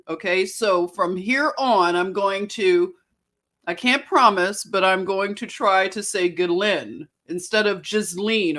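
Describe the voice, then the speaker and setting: A woman's voice: medium pitch, fairly bright tone. An American woman hosting a casual livestream, greeting viewers by name and talking things through with frequent restarts and self-corrections. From United States. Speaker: livestream host.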